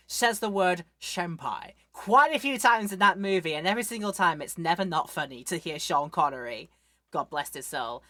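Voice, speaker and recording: A woman streamer giving casual gameplay commentary, rambling and joking with quick asides. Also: lowish voice, fairly bright tone, no echo.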